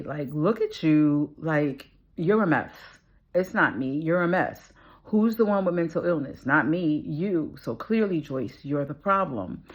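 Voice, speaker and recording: A woman with a low voice and a gravelly edge tells her personal story in an earnest, reflective way, often pausing on "you know" and "um." The recording sounds a little dull and lo-fi. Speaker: attorney sharing personal story. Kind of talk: personal testimony vlog.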